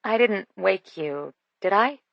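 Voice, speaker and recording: A woman voicing a nervous, awkward young woman scientist who speaks in quick, flustered bursts. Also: medium pitch, animated, gravelly, no room sound, dull audio, pitched above the performer's own voice.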